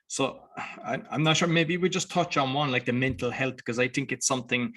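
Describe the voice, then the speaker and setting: A man's voice: mid-range voice, moderate pace, fairly bright tone. A man hosting a podcast interview, talking in a loose, conversational way with many fillers. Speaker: podcast host. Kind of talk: casual interview chat.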